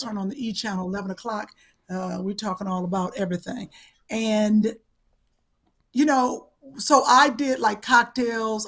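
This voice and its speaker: Woman host, rambling storyteller, slightly high voice, comedic chat. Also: a bit bright. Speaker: show host.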